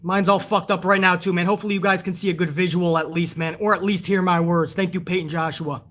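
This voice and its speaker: This wrestling review stream host has a high, fairly bright voice and a flat delivery, talking quickly. In his casual livestream commentary he rants, swears a lot, and reads chat messages aloud.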